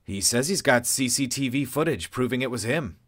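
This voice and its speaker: A man's voice: mid-range voice, lively intonation, brisk, a bit bright. A man playing a deferential male security guard reporting news to his boss. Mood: uneasy. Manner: hesitant, reporting.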